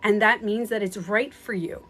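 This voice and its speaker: A woman's voice: mid-range voice, fairly even intonation, normal speed, fairly bright tone, soft background music. A woman hosting a casual phone livestream from home as a spiritual life coach, talking earnestly, rambling and often laughing.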